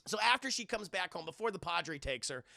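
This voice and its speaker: A man recapping a film to a live chat in a rambling, profane, animated way, with a gravelly voice. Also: sits high, fairly quick, dry recording, clean studio sound. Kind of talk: casual spoken film recap.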